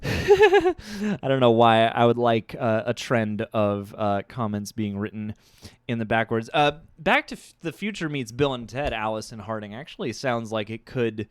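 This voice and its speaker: A man's voice: mid-range voice, big pitch swings, unhurried, clean tone, no echo. A man co-hosting a live stream, joking around and reading viewer comments aloud in a casual way.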